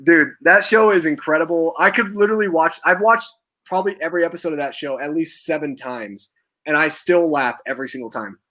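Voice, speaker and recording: Young man, host, excited, fairly high voice, voice cracking. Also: fairly quick. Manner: excited, laughing, acts out quoted lines. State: voice cracking from talking a lot. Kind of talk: casual live-stream chat.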